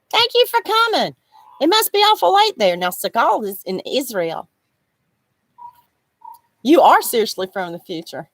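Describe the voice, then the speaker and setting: Her medium-pitched voice comes through a dry recording as she hosts an easygoing crochet livestream outdoors in the shade. She chats, reads viewer comments aloud, and laughs a lot.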